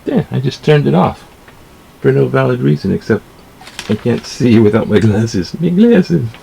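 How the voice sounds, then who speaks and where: A man's voice: mid-range voice, moderate pace, vocal fry, warm tone, a little hiss or hum. A man casually reading newspaper stories aloud, rambling into jokey asides and stumbling over words as he reads.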